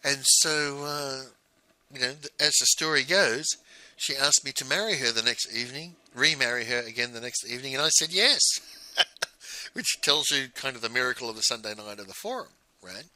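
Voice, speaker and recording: A man's voice: mid-range voice, moderate pace, bright, forceful tone, low-quality recording. A middle-aged man, a business coach giving a blunt recorded teaching monologue and ending his points with "right?".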